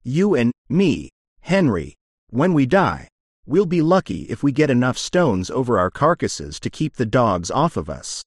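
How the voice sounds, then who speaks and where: An uneasy, rough frontier dog-musher, as a man puts him on for a storybook reading, drawling his backwoods speech slow and heavy. The recording is dry and close. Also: mid-range voice, very animated, no echo. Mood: brooding.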